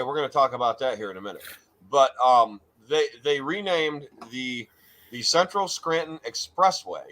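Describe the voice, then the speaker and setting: A man's voice: medium pitch, fairly bright tone. Casual male podcast host, rambling. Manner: mock-grand introductions, then loose rambling with restarts. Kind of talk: casual live show chat.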